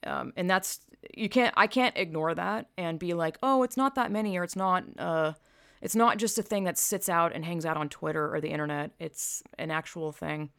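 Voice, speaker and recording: A woman talks straight into the mic, her low voice rough with vocal fry. She comments bluntly and sarcastically and swears often. The sound is dry, with no room echo. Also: moderate pace, fairly bright tone. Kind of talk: opinion vlog commentary.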